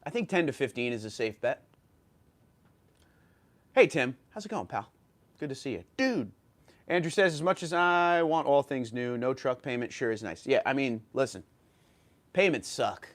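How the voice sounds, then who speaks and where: A man's voice: mid-range voice, lively intonation, normal speed, pauses often. A man with a New York accent hosting a casual livestream, reading viewer comments and chatting loosely with fillers and restarts. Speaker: livestream host.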